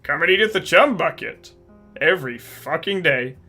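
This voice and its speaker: A man's voice: a little high, expressive, moderate pace, pushed and bright, faint music behind, heavily acted. A man doing Plankton, a tiny scheming cartoon villain.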